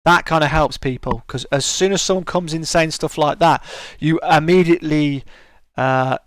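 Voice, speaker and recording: British man, stream host, relaxed chat, fairly high voice, smooth and dry sound. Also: moderate pace, no echo. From United Kingdom. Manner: laid-back, chatty, reads out and answers viewer comments. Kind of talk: casual live-stream chat.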